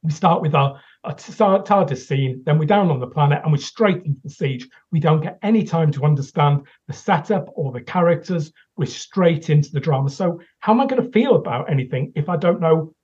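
A man's voice: fairly high pitch, expressive, fairly quick, hardly any pauses, darkish tone, breathy edge. A man co-hosting a podcast, ranting and swearing in an exasperated critique. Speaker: podcast co-host. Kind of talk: casual critical discussion. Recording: dull lo-fi recording.

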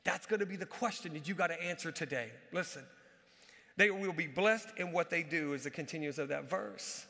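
A man with a high, bright voice delivers an animated sermon, driving home his points by repeating them. He is recorded live in a church, with a long reverb trailing behind his words. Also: fairly quick, gravelly. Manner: animated preaching, repeats key phrases for emphasis. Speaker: pastor. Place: church sanctuary.

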